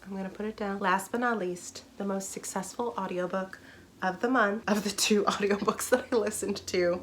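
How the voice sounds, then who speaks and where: A woman's voice: mid-range voice, steady tone, normal speed, fairly bright tone, slight background noise. A young adult woman chatting casually in a book review vlog, bubbly and rambling, with laughs and asides. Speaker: book vlogger.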